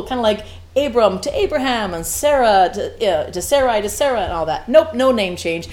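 Woman preacher, conversational sermon, animated pitch, quick to laugh. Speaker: women's Bible teacher.

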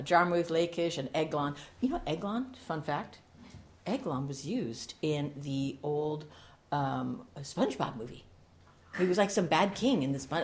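A middle-aged woman preaching a sermon, animated and jokey, with laughing asides. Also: sits low, slight background noise.

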